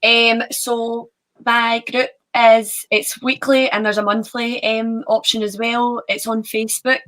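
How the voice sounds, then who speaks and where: Woman, pretty flat delivery, talking easy on a podcast. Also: mid-range voice. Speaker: guest, fitness business owner. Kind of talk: casual podcast chat.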